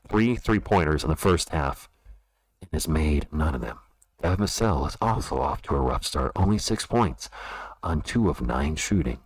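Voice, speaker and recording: A man's voice: on the low side, poor audio. A man hosting a fan livestream, reading halftime stats and chat messages with frustrated, sarcastic commentary.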